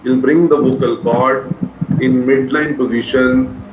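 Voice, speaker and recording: A man with an Indian English accent teaching medical students, dictating notes slowly and repeating each point, often calling them beta. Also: medium pitch, steady tone. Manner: repetitive, addresses listeners as beta. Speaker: medical lecturer. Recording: echoey room with faint noise.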